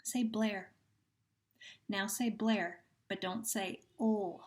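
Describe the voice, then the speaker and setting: A woman's voice: mid-range voice, steady tone. A woman teacher leading young children through a phonemic awareness lesson, running patient sound drills and praising each answer. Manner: slow, patient drills with pauses and gentle praise.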